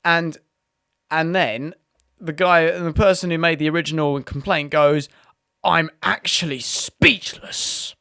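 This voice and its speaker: A British man chatting casually as a video host, rambling and restarting his sentences. His voice sits a little high for a man, recorded close and dry with no room sound. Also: steady tone, a little slow, fairly bright tone, smooth, no room sound. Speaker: YouTube host. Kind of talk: casual commentary.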